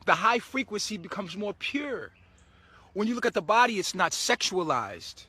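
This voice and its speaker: A man's voice: sits high, sing-song, moderate pace, sharp tone, slightly rough. A man giving a casual spiritual monologue to his viewers, preachy and swearing freely, often breaking into laughter. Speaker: spiritual vlogger.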